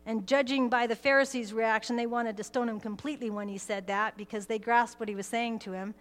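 A woman's voice: fairly high pitch, fairly even intonation, fairly quick. Earnest woman preaching in a reverberant hall. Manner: earnest, rising to forceful emphasis, with restarts. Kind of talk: sermon.

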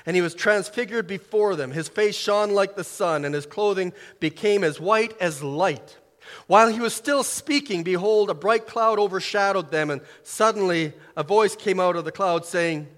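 High-voiced man preaching in a hall. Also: moderate pace. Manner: preaches in short phrases with sudden loud swells and soft drops; reads scripture aloud, emphatic and earnest. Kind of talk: sermon.

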